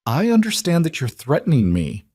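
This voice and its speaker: A man's voice: on the high side, huge pitch swings, normal speed, mellow, husky, dry recording, studio quality, voice pushed up, exaggerated voice. A man reading an anxious young nursing assistant. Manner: worried, pleading. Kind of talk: audiobook character reading.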